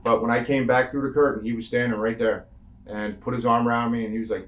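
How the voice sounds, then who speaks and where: A man's voice: medium pitch, fairly even intonation, fast. A former pro wrestler telling candid, laughing stories from his career in a casual interview, swearing now and then. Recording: echoey room.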